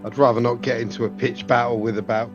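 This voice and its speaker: A man playing in a tabletop game, thinking aloud slowly and hesitantly. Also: medium pitch, flat delivery, muffled recording, over music. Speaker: player. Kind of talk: casual tabletop game talk.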